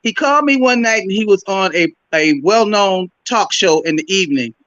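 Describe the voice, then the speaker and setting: A woman's voice: mid-range voice, lively intonation, normal speed, a bit bright, no echo, highs cut off. An older woman, a singer guest on a video call, telling stories animatedly and laughing often.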